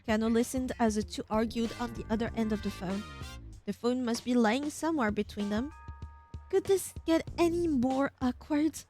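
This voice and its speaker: A young woman streamer reading a game's text aloud with expressive narration and casual asides. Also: fairly high pitch, moderate pace, faint music behind.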